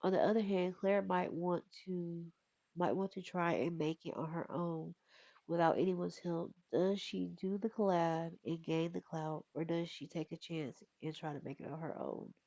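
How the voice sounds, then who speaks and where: A woman's voice: lowish voice, steady tone, normal speed, warm tone, dry recording. Chatty woman narrating gameplay. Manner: chatty, talks to viewers. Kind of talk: casual let's-play commentary.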